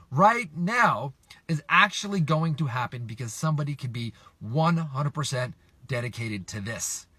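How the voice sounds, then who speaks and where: A man's voice: medium pitch, animated, normal speed, bright, forceful tone, breathy edge, no echo. A middle-aged man coaching real estate investors on camera, emphatic and repetitive, often asking viewers to respond. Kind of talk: direct-to-camera coaching talk.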